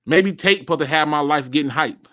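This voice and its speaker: A man's voice: fairly high pitch, fairly quick. A man hosting a solo sports talk show, speaking straight to his viewers and reacting as he reads. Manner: animated, talks to viewers directly, reads out and reacts.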